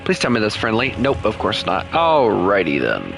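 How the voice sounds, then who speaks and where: A man's voice: on the low side, brisk, music in the background. A man casually commenting on his own gameplay while streaming, chatty and laughing often as he talks to himself. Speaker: gaming streamer. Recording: noisy game audio underneath.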